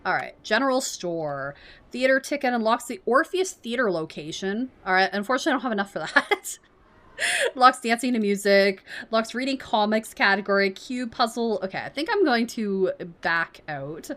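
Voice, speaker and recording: A woman's voice: fairly high pitch, big pitch swings, moderate pace, a bit bright. A woman streamer giving casual gameplay commentary, reading game text aloud and swearing now and then.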